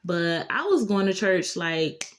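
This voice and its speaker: A woman's voice: on the low side, animated, takes it slowly. A young adult woman, a nurse, telling a casual storytime vlog, earnest and encouraging with lots of "like" fillers. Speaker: nurse and vlogger.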